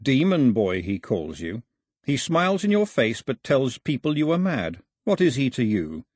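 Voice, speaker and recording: A man's voice: medium pitch, sing-song, normal speed, a little mellow, no echo. A man voicing a mocking male shark god of death who taunts and needles a swimmer, in an audiobook. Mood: taunting. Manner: taunting, sly.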